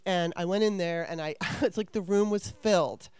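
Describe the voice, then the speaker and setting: A woman's voice: lowish voice, moderate pace, darkish tone, smooth, dry recording. A middle-aged woman, a former actress, candidly telling stories from her career in a frank, self-deprecating way, swearing freely. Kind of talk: candid conversational storytelling.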